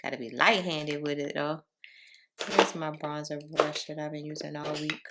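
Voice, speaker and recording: A woman talks her viewers through a makeup routine at home, low and unhurried in her morning voice. Her tone sits a little on the low side, chatty and familiar, calling everyone y'all. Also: fairly even intonation, very noisy. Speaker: beauty vlogger. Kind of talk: casual makeup tutorial chat.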